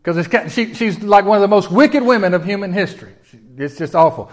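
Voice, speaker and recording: A man preaching a sermon in a folksy, animated way, often asking his listeners questions. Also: high voice, fairly quick. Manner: folksy and animated, with repeated restarts and audience questions. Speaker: pastor.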